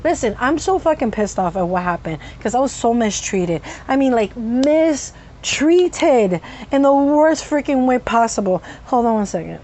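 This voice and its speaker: High-voiced woman telling a heated story. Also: unhurried, slight background noise. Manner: profane, animated storytelling with vocal tic outbursts. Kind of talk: casual story time.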